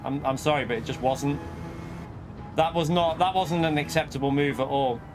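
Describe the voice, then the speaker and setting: Streaming a racing game, a man with a slightly high voice and moderate pace rants indignantly at chat and laughs often. His live commentary plays over music, and the recording is noisy with car engine sounds.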